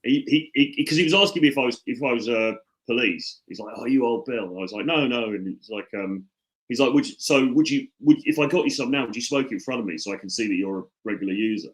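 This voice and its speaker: A man telling rambling, deadpan stories on a casual podcast, full of restarts. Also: medium pitch, fast, rough recording. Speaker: podcast co-host.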